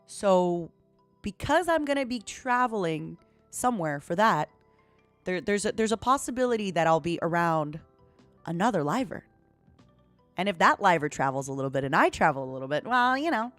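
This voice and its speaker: A woman streamer chatting casually and telling stories in a playful, animated way. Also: lowish voice, moderate pace, dry recording, soft background music. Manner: chatty, playful, animated storytelling with put-on quotes. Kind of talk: casual chat and storytelling.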